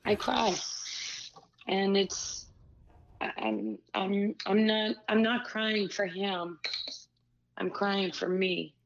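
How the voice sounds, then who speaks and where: A woman coach talking as an interview guest, halting and restarting often as she speaks. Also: medium pitch, lively intonation, slight background noise. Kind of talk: casual interview chat. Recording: dull lo-fi sound.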